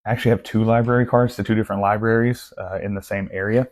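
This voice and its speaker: A man's voice: lowish voice, steady tone, fast talker, a little mellow. A young man chatting casually about his latest book haul, rambling and self-deprecating, with lots of asides and restarts. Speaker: book vlogger.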